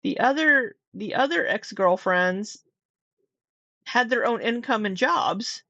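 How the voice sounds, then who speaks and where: A woman's voice: a little high, expressive, takes it slowly, pushed and bright, no room sound. Woman commentator, skeptical, questioning tone, dry lo-fi sound. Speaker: commentary youtuber. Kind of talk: reaction commentary.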